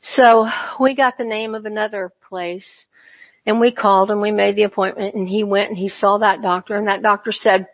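A woman's voice: medium pitch, steady tone, moderate pace. A woman telling a personal faith testimony in an earnest, conversational way, full of asides. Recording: dull lo-fi recording.

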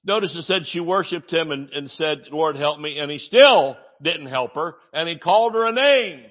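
A man preaches with a lively, swinging voice that sits a little high, breaking into shouts and joking asides. The audio is dull and lo-fi. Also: moderate pace. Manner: animated preaching, shouting exclamations, asides and jokes. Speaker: pastor. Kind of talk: sermon.

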